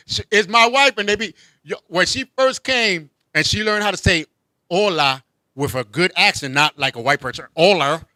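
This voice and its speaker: A man hosting a casual comedy talk show, joking and animated, laughing often. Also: on the high side, no room sound. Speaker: host.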